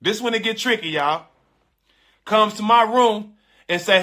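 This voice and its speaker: A middle-aged man telling a personal story in casual, slangy speech, animated and emphatic, often repeating his phrases. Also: sits high, normal speed, long pauses. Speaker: storyteller on a live stream.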